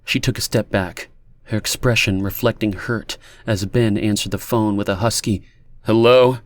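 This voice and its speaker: A man with a low voice reading a dark novel aloud. His narration is steady and measured. The sound is dry and close, with no room around it. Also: no room sound. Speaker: audiobook narrator. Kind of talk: audiobook narration.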